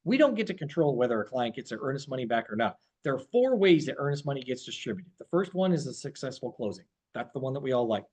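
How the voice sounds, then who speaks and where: Man, real estate broker, direct, plain-spoken, emphatic advice to agents, mid-pitched voice. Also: sing-song, fast talker, few pauses, darkish tone, breathy edge. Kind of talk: training talk for agents.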